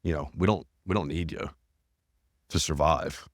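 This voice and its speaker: Male podcast host, deep voice, dry close sound, emphatic and sincere. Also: normal speed, no room sound. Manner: earnest and emphatic, repeats phrases. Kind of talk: casual podcast conversation.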